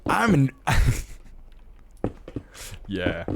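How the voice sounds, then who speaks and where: A man's voice: mid-range voice, huge pitch swings, very slow, gravelly, background noise. An Australian man chatting casually while streaming a game, rambling and joking at his own expense. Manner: rambling, self-mocking, lots of restarts and laughs. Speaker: Minecraft streamer. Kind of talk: casual live-stream chat.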